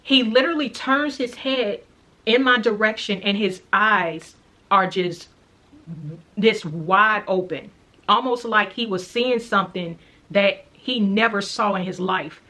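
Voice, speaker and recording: A woman's voice: mid-range voice, sharp tone. A woman earnestly telling the story of a dream in a casual, reflective way, repeating key parts. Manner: earnest, reflective, recounting slowly with repetitions. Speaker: faith vlogger sharing a dream.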